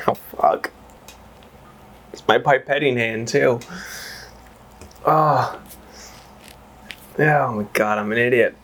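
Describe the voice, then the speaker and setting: A man's voice: medium pitch, vocal fry, a bit bright, slight background noise. A man reviewing whiskey in a casual, rambling chat that wanders off on tangents and is full of exclamations. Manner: exclaims and swears freely.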